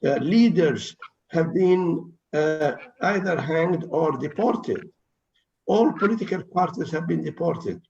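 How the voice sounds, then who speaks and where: Slow, gravelly elderly man. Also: fairly high pitch, lively intonation, a little mellow, slight background noise. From Palestine. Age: 80s. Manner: slow and deliberate, many hesitant fillers. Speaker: interview guest. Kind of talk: historical interview answers. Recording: dull lo-fi recording.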